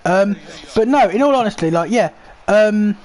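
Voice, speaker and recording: A young man talks in a loose, rambling way, swearing often. His voice sits high and leaps about in pitch. He sounds animated. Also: moderate pace. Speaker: host. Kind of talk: casual chat while playing a football game.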